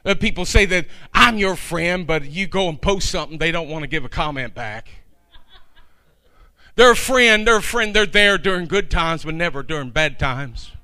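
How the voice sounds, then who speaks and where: A middle-aged male preacher with a high, ringing voice. He delivers his sermon with emphasis, stacking up repeated phrases. His tone is very bright and cutting. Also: lively intonation, moderate pace.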